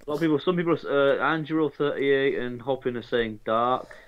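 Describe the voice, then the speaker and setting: A man chatting alongside a gameplay host, reading out comments from viewers. He talks hesitantly, with plenty of ums and half-finished words. His voice has a plain, middle pitch. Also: fairly even intonation, brisk, smooth, dull audio. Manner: relays comments, hesitant with fillers. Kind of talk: casual gameplay chat.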